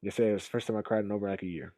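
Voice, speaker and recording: A young man streaming a casual reaction, talking emphatically and rambling, swinging from loud to quiet. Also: lowish voice, fairly even intonation, very fast, dry recording.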